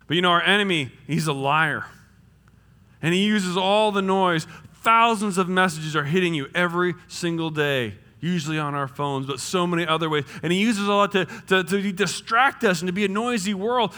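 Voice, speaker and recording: A man preaching a sermon in a casual, joking way, swinging between loud emphasis and hushed tones. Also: high-pitched, brisk, long reverb tail. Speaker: pastor. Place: church.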